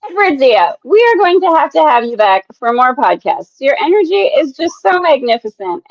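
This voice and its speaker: A woman from South Dakota co-hosting a podcast, speaking warmly with gushing praise in casual chat. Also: high-pitched, vocal fry, no echo. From South Dakota, USA. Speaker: podcast co-host. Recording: dull lo-fi dry sound.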